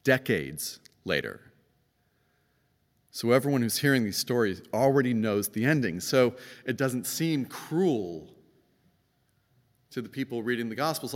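A man's voice: expressive, a little slow, pauses often. A man preaching a conversational sermon, telling the story in his own words and acting out the people in it with big swings of voice. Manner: conversational, acts out quoted voices, emphatic swings in pitch. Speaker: pastor. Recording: long reverb of a church hall.

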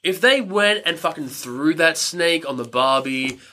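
A man with a bright, slightly high voice chats about a film in an easygoing way. He fills pauses with "uh" and tosses in crude jokes. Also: expressive, slight background noise. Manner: laid-back, chiming in with "yeah" and "uh", jokey asides. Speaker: podcast co-host. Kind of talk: casual movie recap chat.

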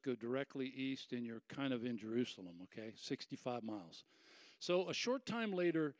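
A middle-aged man preaching a sermon, animated and conversational, acting out quoted people with sudden leaps up in pitch. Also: dry recording, clean studio sound. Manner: animated, acts out quoted voices with sudden high pitch jumps. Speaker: pastor.

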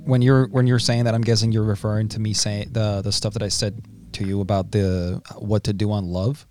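A man's voice: lowish voice, flat delivery, a little fast, a little mellow, faint music behind. A man co-hosting a podcast in casual chat, joking and laid-back, using lots of slang. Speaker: podcast co-host.

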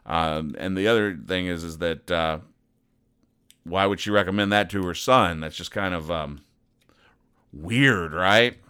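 Low, dry sarcastic man. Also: pushed and bright, smooth. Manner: dry sarcastic, acts out characters' lines in quick voices. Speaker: comedy podcast host. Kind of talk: deadpan comic strip commentary.

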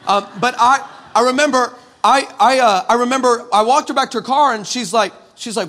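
A male preacher from West Texas tells a funny story to his church, sarcastic and full of stammered restarts. His voice sits high for a man and rings bright and forceful. He speaks in a lively, animated way. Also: a little fast. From El Paso, West Texas, USA. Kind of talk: comic storytelling sermon.

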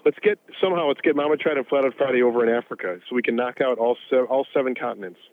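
A man hosting a casual chat, answering in short quick interjections. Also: medium pitch. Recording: tinny phone-like sound.

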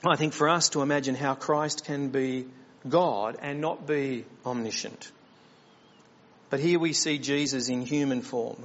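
A man's voice: mid-range voice, highs cut off. A man preaching a sermon as the church pastor, earnest and questioning, often restarting his words.

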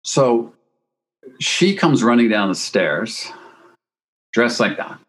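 A man, a photographer being interviewed, telling a story in a casual, animated way and acting out what people said. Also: mid-range voice, takes it slowly, poor audio. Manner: animated anecdote-telling with acted-out quotes. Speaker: photographer guest.

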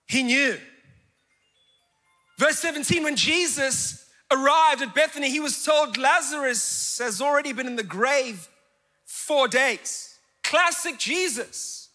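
A male preacher with a strikingly high, sharp, bright voice delivers an impassioned sermon. His delivery jumps from fervent outbursts to quiet, intimate confession. A long church-hall reverb trails every phrase. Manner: impassioned preaching with sudden swings from shouts to hushed confession. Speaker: pastor.

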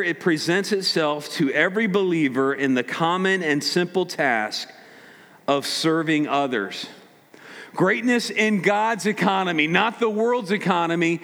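A man preaching a conversational sermon to his congregation, acting out quick voices as he makes his points. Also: on the high side, big-room sound. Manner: conversational, animated, acts out voices. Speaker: pastor.

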